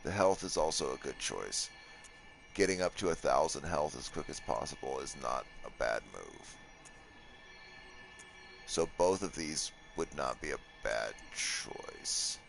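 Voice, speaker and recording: A man giving relaxed, casual commentary on a video game, thinking aloud and swearing now and then at enemies. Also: very deep voice, measured pace, creaky, soft background music. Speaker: gameplay commentator. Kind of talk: casual let's play commentary.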